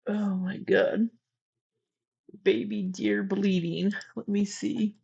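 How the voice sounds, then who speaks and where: A woman's voice: medium pitch, little pitch movement, slow, gravelly, warm tone, husky. A woman streamer in casual live chat with friends, who keeps breaking into laughter. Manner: giggly, breaks into frequent laughter. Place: indoor room with neighbors next door. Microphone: earbuds with a computer mic. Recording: slightly dull lo-fi stream audio.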